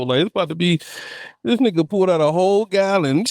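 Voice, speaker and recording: A man's voice: high voice, animated, fairly quick, darkish tone, dry recording, studio quality. A man hosting a casual podcast, telling stories in loose slang and laughing often. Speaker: podcast host. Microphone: studio podcast mic.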